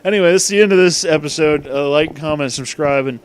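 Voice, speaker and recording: A tipsy man reading fan fiction aloud for his channel, with deadpan rambling asides. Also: a little high, fast talker, clean tone. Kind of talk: comic dramatic reading.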